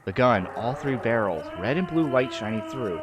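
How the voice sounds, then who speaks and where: A man voicing a calm male police lieutenant who speaks in a measured, level way. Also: mid-range voice, background noise, lightly acted.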